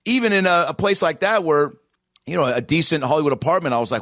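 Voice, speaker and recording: A man co-hosting a podcast, telling profane, animated anecdotes in casual chat. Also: on the high side, brisk, dry recording, clean studio sound. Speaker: podcast co-host.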